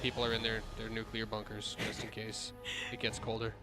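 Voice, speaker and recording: A man's voice: fairly low pitch, monotone. A man casting a competitive video game match, joking with his co-caster between play-by-play calls. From United States. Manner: joking, quick banter. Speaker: esports caster. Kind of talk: play-by-play commentary. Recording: music playing behind.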